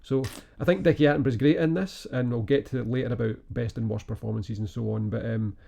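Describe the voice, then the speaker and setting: A man co-hosting a film review podcast in relaxed, casual chat, laughing often. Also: medium pitch, fast, vocal fry. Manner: relaxed, chuckles often, many fillers. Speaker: podcast co-host.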